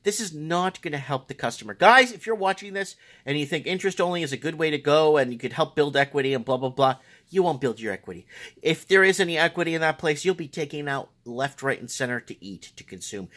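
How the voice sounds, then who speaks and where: A man from Australia reading finance news aloud and ranting about it, sarcastic, swinging from low muttering to mocking high outbursts. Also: expressive, fast, pushed and bright, dry recording. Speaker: finance commentator.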